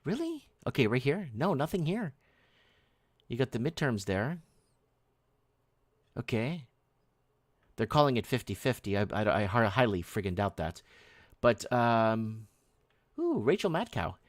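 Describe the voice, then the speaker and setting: A man hosts a casual live stream with a mid-pitched voice. The sound is dry, with no room echo. His talk rambles and has a sarcastic, conspiratorial edge, with restarts as he reads headlines and chat messages aloud. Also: sing-song, a little slow, pauses often.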